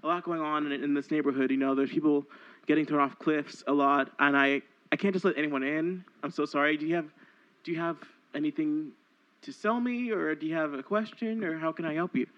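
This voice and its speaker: A man's voice: fairly high pitch, a little fast. A man improvising a comedy scene, hesitant and stammering as he talks. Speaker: improv performer. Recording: dull lo-fi sound.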